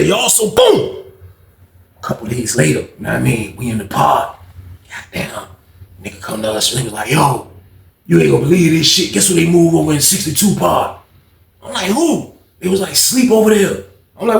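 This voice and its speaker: A man with a gravelly voice telling a story in an animated way and acting out what other people said. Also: fairly high pitch, quick pace, roomy sound. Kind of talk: storytime monologue.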